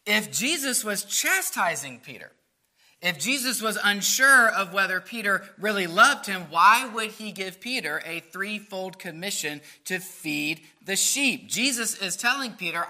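A man's voice: sits high, lively intonation, a little slow, pushed and bright. A man preaching a sermon, asking rhetorical questions in an earnest, explaining way. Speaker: pastor.

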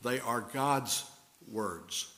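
A man's voice: medium pitch, extremely slow, a bit bright. Older man preaching a folksy sermon. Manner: folksy storytelling with rhetorical questions. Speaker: pastor.

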